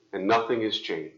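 A male pastor preaching a sermon in a chatty, animated storytelling way. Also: on the low side, dull audio.

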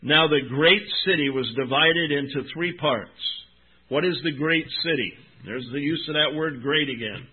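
A man preaching a sermon, reading scripture with emphatic, drawn-out stresses and calling his listeners "my friend" and "folks.". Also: fairly high pitch, husky. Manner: emphatic, drawn-out Bible reading, rising and dropping in volume. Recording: tinny phone-like recording.

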